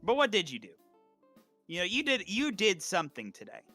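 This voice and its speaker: A man's voice: sits high, a little fast, faint music behind. A man co-hosting a casual podcast, giving an emphatic, profane pep talk. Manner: emphatic, swears freely, animated pep talk. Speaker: podcast co-host.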